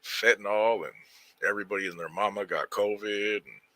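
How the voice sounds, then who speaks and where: A low-pitched man with a sharp, bright edge to his voice chats loosely with his viewers and greets them by name in street slang. The sound is dry and close, with no room around it. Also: steady tone, brisk, no echo. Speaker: livestream host. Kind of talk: casual livestream chat reading viewer comments.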